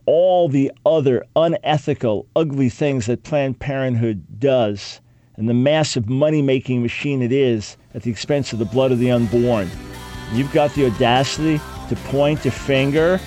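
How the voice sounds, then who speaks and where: A man's voice: medium pitch, a little mellow, dry recording. A man hosting a radio talk show, giving sarcastic commentary with mock gasps and frequent restarts.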